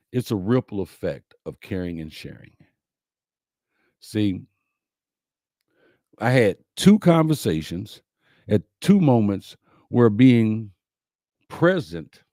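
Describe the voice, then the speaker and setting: A man hosting a talk, speaking slowly and emphatically, repeating his key lines to his listeners. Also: fairly low pitch, lively intonation, warm tone, dry recording, studio quality. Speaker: host. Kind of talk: inspirational talk to a live audience.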